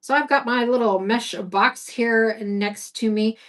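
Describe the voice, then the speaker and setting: A woman's voice: a little high, unhurried. A middle-aged woman hosting a live-stream craft sale, chatty and upbeat, thanking viewers by name. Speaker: host selling craft supplies. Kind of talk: live-stream selling chat.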